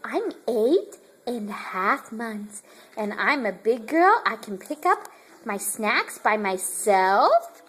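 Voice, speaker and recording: A woman speaking for her baby daughter as a proud little girl, slow and lowered, recorded on a phone. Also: sing-song, a bit bright, slightly rough, full character voice. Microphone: phone camera.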